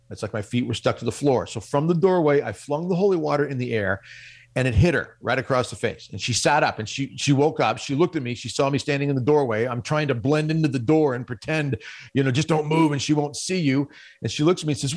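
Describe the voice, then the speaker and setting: A man on a radio show telling a self-mocking personal story in an animated way. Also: medium pitch. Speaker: guest speaker on spiritual life.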